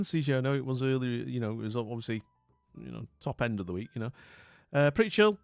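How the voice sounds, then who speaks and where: A man's voice: mid-range voice, animated, quick pace, gravelly, dry recording, studio quality, faint music behind. A British man hosting a live stream, chatting casually with viewers in a rambling, self-mocking way. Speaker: streamer host.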